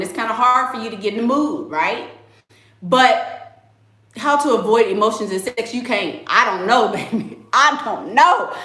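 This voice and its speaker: A woman's voice: mid-range voice, roomy sound. A young woman hosting a casual livestream, reading out donations and talking emphatically, repeating her points and saying "y'all" often. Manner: animated, emphatic, repeats phrases, Southern US slang like "y'all".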